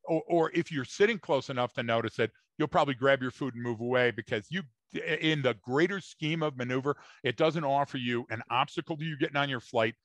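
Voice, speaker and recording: Male podcast co-host, mid-pitched, lecturing and emphatic, close dry mic. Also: brisk, few pauses, dry recording. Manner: emphatic, lecturing, addresses listeners directly. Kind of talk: casual podcast discussion.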